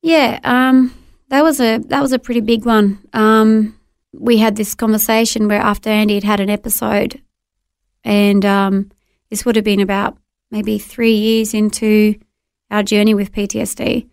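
A woman's voice: mid-range voice, level tone, moderate pace, vocal fry, smooth, dry recording, clean studio sound. A woman telling her personal story as an interview guest, earnest and heartfelt, often restarting her sentences.

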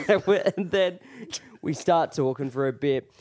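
A man's voice: mid-range voice, normal speed, no echo, studio quality. A man on a comedy podcast, telling a funny anecdote in a casual way and acting out the people in it. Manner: animated anecdote-telling, acting out quoted voices.

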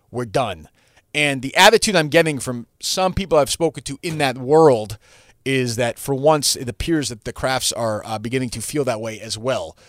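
A man hosts his own podcast in a loose solo monologue, circling back and restarting his sentences. He is blunt and occasionally profane. The sound is dry and close, with a middle-pitched voice. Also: a bit bright, no echo. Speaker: podcast host.

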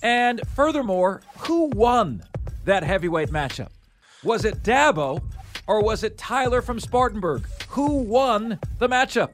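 An energetic man with a high voice hosts a sports talk radio countdown, addressing listeners as folks. Faint music runs underneath. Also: measured pace.

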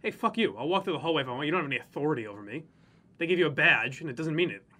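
Animated high-voiced ranting man. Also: racing. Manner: profane, ranting, mocks people in exaggerated voices. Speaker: podcast co-host. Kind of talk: casual ranting chat.

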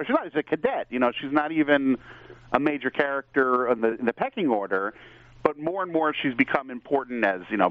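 An excitable man hosting a chatty show talk, rambling eagerly from one point to the next. His voice comes through a thin, tinny line like a phone call. The sound is dry and close, with no room around it. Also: mid-range voice, dry recording. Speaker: podcast host. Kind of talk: casual TV discussion.

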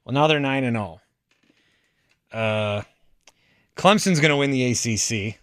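A man's voice: mid-range voice, measured pace, a bit bright, no room sound, clean studio sound. A man hosting a sports radio show, walking through hypotheticals step by step and pressing his points emphatically. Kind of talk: sports radio talk, reading the call-in number.

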